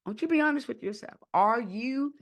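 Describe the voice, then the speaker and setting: A woman hosting a podcast, teaching in a lively way with many repeated words and restarts, sometimes acting out rude people in a raised voice. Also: on the high side, normal speed. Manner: animated, acts out rude people in a raised, whiny voice. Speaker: podcast host and counselor.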